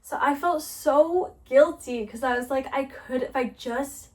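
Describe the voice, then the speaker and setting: Young woman vlogger, fairly high voice, chatty storyteller who acts out quoted voices. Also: a little slow. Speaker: lifestyle vlogger. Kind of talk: casual storytelling while cleaning.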